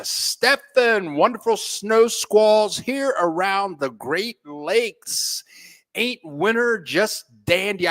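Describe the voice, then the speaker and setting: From his home in a Mexican city, a man with a fairly high voice hosts a relaxed live stream about living abroad. He takes his time greeting each viewer, his shout-outs playful, folksy and easygoing.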